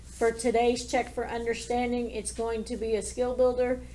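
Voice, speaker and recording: A woman's voice: a little high, little pitch movement, normal speed, mellow, a little hiss or hum. A woman teacher walking through math problems in a recorded lesson, thinking aloud as she draws and works them out. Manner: talks while drawing and working problems aloud.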